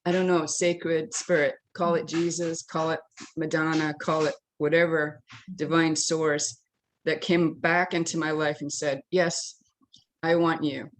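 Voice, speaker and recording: Older woman minister, low voice, choked up, stop-start personal sharing. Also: level tone, slight background noise, poor audio. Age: 60s. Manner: halting, emotional, with many restarts. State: tearful. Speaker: interfaith minister. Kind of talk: personal sharing in a faith circle.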